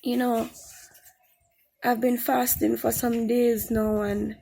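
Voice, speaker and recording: A woman's voice: fairly high pitch, little pitch movement, takes it slowly, gravelly, mellow, slightly rough. A woman giving an earnest spoken Christian testimony, repeating phrases for emphasis. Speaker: testimony speaker.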